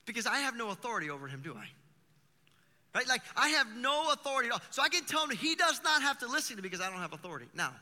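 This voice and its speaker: A man preaching a sermon as pastor, talking in an animated, conversational way with vivid everyday examples. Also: very high-pitched, racing, in a large hall.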